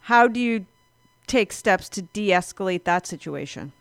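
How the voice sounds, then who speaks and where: A woman's voice: medium pitch, lively intonation, unhurried, clean tone, no room sound. Female talk show host, encouraging interviewer, dry close sound. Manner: encouraging, brief affirmations. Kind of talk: interviewing a guest.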